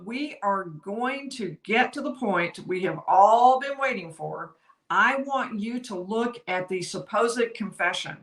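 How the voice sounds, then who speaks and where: Bright-voiced woman, legal commentator. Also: medium pitch. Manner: chatty, apologetic about tech slips, laughs easily. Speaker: lawyer commentator. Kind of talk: live-stream legal commentary. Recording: roomy echo.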